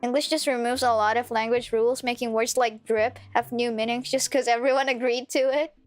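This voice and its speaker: A woman's voice: on the high side, fairly even intonation, fairly quick, no room sound, faint music behind. A woman streamer chatting casually while playing a game, playful and giggly, often stumbling over her words.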